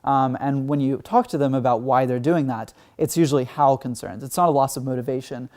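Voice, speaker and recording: A man's voice: medium pitch, fairly quick, a little mellow. A man from Texas giving an earnest conference talk, full of "um" and "like" fillers. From Texas, United States. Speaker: conference speaker.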